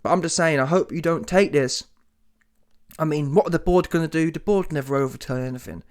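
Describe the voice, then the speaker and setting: A man's voice: fairly high pitch, a little fast. A British man, talking solo about boxing in a combative, mocking, slangy rant. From Britain. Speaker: boxing commentator.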